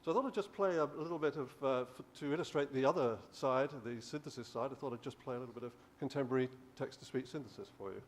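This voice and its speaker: A man's voice: mid-range voice, fast talker, hardly any pauses. Man giving an academic lecture. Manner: explanatory, with frequent restarts and "uh". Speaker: professor and lecturer. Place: conference hall.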